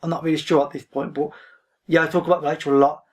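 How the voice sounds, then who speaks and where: A man's voice: on the high side, little pitch movement, quick pace. A man vlogging about books in a casual, rambling way, reserved in manner. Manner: reserved, rambling, often says "frankly". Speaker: book vlogger. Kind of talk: casual talk to camera. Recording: voice a bit distant from the mic.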